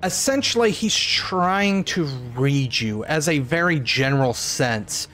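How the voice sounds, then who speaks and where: A man narrating as storyteller in a tabletop horror game, speaking in a measured way with pauses. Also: on the high side, expressive, bright, forceful tone.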